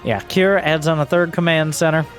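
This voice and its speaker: A man giving solo play-by-play commentary on a strategy game, getting excitable and shouting when fights break out. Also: moderate pace, soft background music. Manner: excitable, voice jumps high and shouts during fights. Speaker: esports caster.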